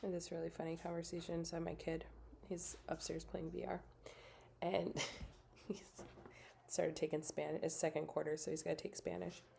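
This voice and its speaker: A middle-aged woman with a low, gravelly voice chats while she works on a craft project, drifting into stories and acting out what people said. Her tone is dark and mellow, and a faint hiss sits under a home recording. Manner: chatty, storytelling with acted-out quotes. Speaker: craft livestreamer. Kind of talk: casual chat while crafting.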